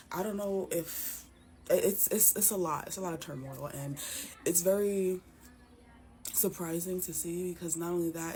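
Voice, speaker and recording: Upset woman ranting, low voice. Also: a little mellow, slight background noise. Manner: upset, frustrated, near tears. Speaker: vlogger. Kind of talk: emotional casual rant.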